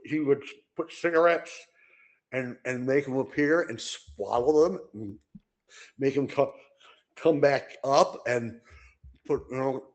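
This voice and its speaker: An older man hosting a casual podcast, winding through anecdote after anecdote with fillers and false starts. His voice sits at an ordinary middle pitch, and he leaps sharply higher whenever he acts out what someone said. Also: takes it slowly, pauses often. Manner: rambling anecdotes with many fillers and restarts; acts out quoted people with sudden high voices. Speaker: podcast co-host. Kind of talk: casual storytelling chat.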